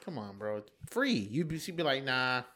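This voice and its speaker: Casual, slangy man bantering on a podcast; mid-pitched, relaxed delivery. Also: fairly quick. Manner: laid-back, slangy, says "bro" a lot. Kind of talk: casual chat.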